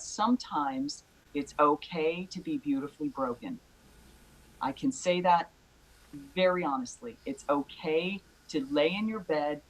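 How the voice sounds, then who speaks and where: A woman's voice: low-pitched, slightly rough, rough recording. A woman singer-songwriter, a guest in a casual video interview, giving earnest, encouraging advice.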